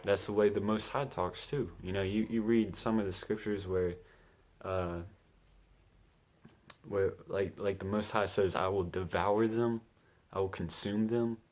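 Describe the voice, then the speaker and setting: Low, flat-voiced man reading scripture casually. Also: unhurried. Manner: laid-back, chatty, peppered with "man" and laughs. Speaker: scripture teacher. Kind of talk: casual Bible commentary.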